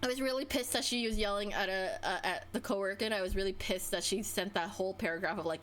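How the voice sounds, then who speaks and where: A woman's voice: fairly even intonation, quick pace, few pauses, a bit bright, a little hiss or hum. A young adult woman streamer ranting casually, exasperated, her voice swinging up and down as she vents. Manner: exasperated, venting, with wide pitch swings.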